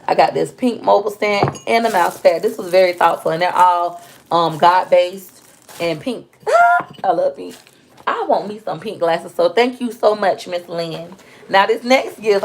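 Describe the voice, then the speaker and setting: A woman's voice: lowish voice, vocal fry, slight background noise. A young woman chatting casually to viewers as she opens fan mail at home, filmed on a propped-up phone. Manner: chatty, playful, talks to viewers while unboxing. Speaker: vlogger opening fan mail. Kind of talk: casual chat. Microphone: phone propped on a stand.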